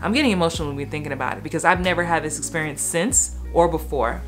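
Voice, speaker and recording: Woman, thirties, candid, emotional, personal story, lowish voice, soft music underneath. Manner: candid, emotional, quick asides and restarts. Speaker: actor and acting coach.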